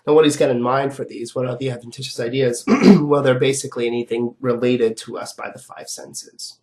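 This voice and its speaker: In this recorded philosophy lecture, a man with a rough, ill-sounding voice walks through ideas one step at a time, conversationally, frequently asking "right?". His voice is medium-pitched, steady, fairly quick and slightly mellow.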